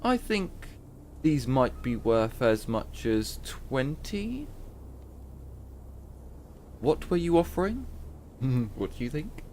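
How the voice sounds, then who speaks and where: Man reading as a shrewd woman trader, game dialogue, slightly raised voice, lively pitch. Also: takes it slowly, long pauses, a little hiss or hum. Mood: wry. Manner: reading game dialogue aloud, a little higher. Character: shrewd woman trading mushrooms.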